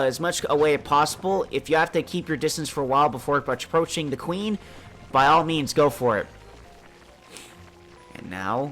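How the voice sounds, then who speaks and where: A man's voice: a little high, a bit bright. A man with a congested voice, casually talking through a video game as he plays and explaining each step. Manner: laid-back, chatty, explains as he plays. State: congested, under the weather. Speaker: gameplay commentator. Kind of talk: casual let's-play commentary.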